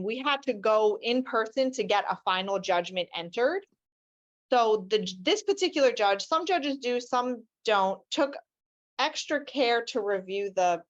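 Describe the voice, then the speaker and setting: Animated woman attorney telling stories. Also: a little high, measured pace, muffled recording. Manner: animated, acts out quotes with shifting voices. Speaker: family law attorney, guest. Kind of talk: lively anecdotal storytelling.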